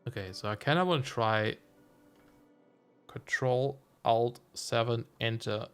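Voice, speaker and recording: A relaxed man giving casual gameplay commentary on a stream. His voice sits at an ordinary middle pitch as he muses aloud and chuckles now and then. Faint music plays underneath. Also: measured pace, clean tone. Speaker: let's play streamer.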